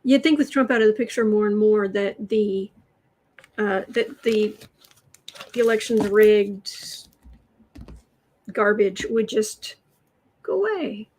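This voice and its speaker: A woman's voice: medium pitch, expressive, takes it slowly, pauses often, poor audio. An American woman hosting a casual tarot livestream from home, reading out viewer comments as she chats. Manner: reads viewer comments, soothes her cat in soft murmurs. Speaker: tarot reader livestream host. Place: home room.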